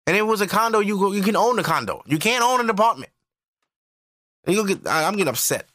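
A man hosting a podcast alone, ranting loudly and profanely in disbelief. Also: sits high, expressive, fast, no echo, clean studio sound. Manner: loud, profane, incredulous ranting. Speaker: podcast host. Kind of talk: ranting solo podcast commentary.

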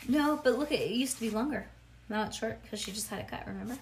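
A woman reading a children's book aloud to a child, expressive and playful, chatting between passages. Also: a little high, fast, slight background noise.

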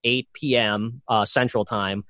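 A man's voice: mid-range voice, unhurried, no room sound. Dry-sounding man telling stories. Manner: animated storyteller, acts out quoted dialogue. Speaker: filmmaker guest. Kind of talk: casual podcast chat.

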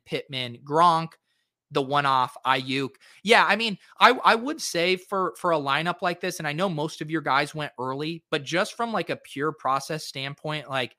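A man hosts a casual solo review of fantasy sports lineups, thinking aloud with plenty of fillers. His voice is bright and clear. The sound is dry and close. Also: medium pitch, dry recording. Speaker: fantasy sports podcast host.

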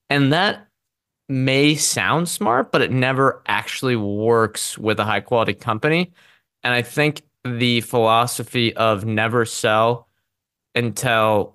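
A man's voice: on the low side, a bit bright, no room sound, studio quality. A man co-hosting a podcast, explaining his views in a casual, opinionated way. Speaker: podcast co-host. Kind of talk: casual investing podcast chat.

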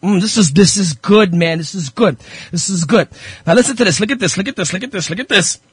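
A man's voice: sits high, fairly quick, slightly rough, no echo. A male radio host preaching fervently, repeating phrases and firing rhetorical questions at his listeners. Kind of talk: impassioned radio sermon.

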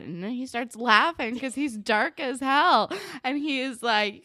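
A woman's voice: a little high, lively intonation, bright, forceful tone, no room sound, studio quality. A young woman from New Jersey, co-hosting a podcast and recapping a TV episode in loose, chatty talk full of "like" and "um". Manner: chatty, lots of "like" and "um", quick asides. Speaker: podcast co-host. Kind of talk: casual chat recapping a TV episode.

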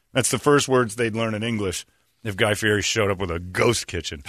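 A man's voice: lowish voice, fairly quick, fairly bright tone, dry recording, studio quality. A man hosting casual comedic banter, ranting and teasing in a crude way.

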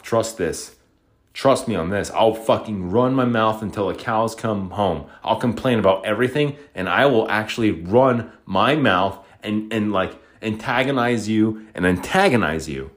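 Man from Utah, lowish voice, rambling profane solo rant, fed up. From Utah, USA. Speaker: podcaster.

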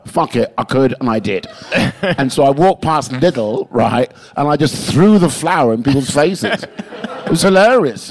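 A man from London, a podcast guest in casual chat, telling stories with lots of swearing and animated swings. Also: mid-range voice.

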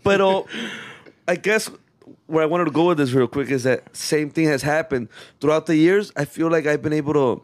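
A man's voice: on the high side, moderate pace. A man in a loose, casual chat, rambling with many restarts and switching into Spanish slang.

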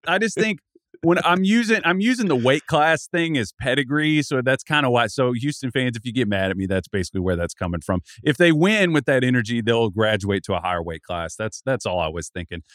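A man's voice: medium pitch, brisk, a bit bright, no room sound, clean studio sound. A man co-hosting a casual sports podcast, rambling through his thoughts with frequent restarts. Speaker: podcast co-host.

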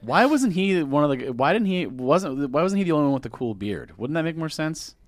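A man's voice: a little high, big pitch swings, fairly quick, no echo. A man co-hosting a podcast in casual chat, rambling and trailing off mid-thought. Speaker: podcast co-host.

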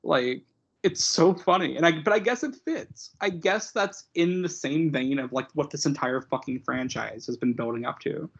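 Gravelly, husky young man mocking films. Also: a little high, normal speed. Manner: rambling, mocking, many fillers, laughs often. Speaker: podcast co-host. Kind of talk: casual chat. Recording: dull lo-fi recording.

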